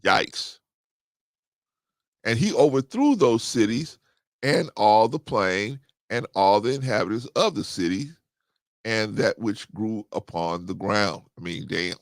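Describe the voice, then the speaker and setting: In a studio-quality recording with no room sound, a man slowly reads scripture as host, joking and laughing often, then preaching in bursts; his storytelling turns preachy with sudden jumps in pitch, making for casual comic Bible commentary.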